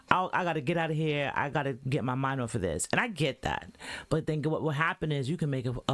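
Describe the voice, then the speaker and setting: A man hosting a podcast, casually reacting to a clip and giving advice in a relaxed, chatty way. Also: a little high. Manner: laid-back, advice-giving, keeps saying "you know what I'm saying".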